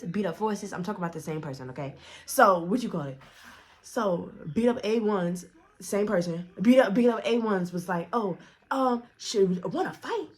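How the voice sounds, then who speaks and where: A young woman telling a storytime tale in a fast, profane, animated way. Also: medium pitch. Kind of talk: casual storytime vlog.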